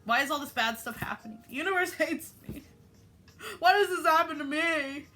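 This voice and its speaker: Brief: whiny, exhausted complainer, done by a woman, high and bright. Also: lively intonation, moderate pace, faint music behind. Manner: whining, exasperated. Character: tired, whiny self-pitying person.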